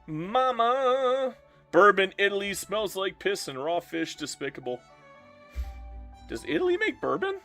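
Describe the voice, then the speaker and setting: A man's voice: high-pitched, big pitch swings, measured pace, sharp tone, faint music behind. A man live-streaming a strategy game and bantering playfully with his chat as he reads their messages aloud.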